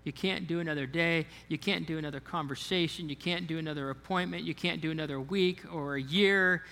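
A man's voice: on the high side, a little fast, vocal fry, pushed and bright, big-room sound. A man preaching a sermon as a pastor, talking in a conversational way, often repeating himself and putting questions to the congregation. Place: church sanctuary.

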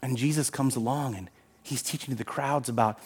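A middle-aged male pastor preaching an animated sermon, acting out Bible scenes and sometimes shouting. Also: medium pitch, a little fast, slightly rough.

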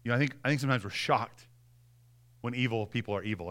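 A young man preaching a sermon in a conversational way, dropping into soft, quiet voices when acting out apologies. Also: medium pitch, very animated, fast. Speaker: pastor.

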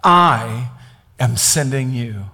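A man voicing God as a calm, commanding divine figure who speaks slowly and deliberately. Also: mid-range voice, vocal fry, pitched below the performer's own voice, full character voice.

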